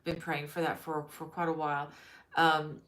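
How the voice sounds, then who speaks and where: A middle-aged woman hosts a crochet live stream from her mother-in-law's home, chatting casually and greeting viewers by name with many "ums." Her low, level voice is a bit bright and moderately paced.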